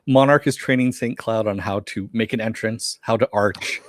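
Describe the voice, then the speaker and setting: A man's voice: on the low side, moderate pace, no echo, studio quality. A man hosting a casual review chat, recapping scenes and acting out the characters' lines. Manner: animated, acts out characters' lines with laughs. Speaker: podcast host reviewing a cartoon episode.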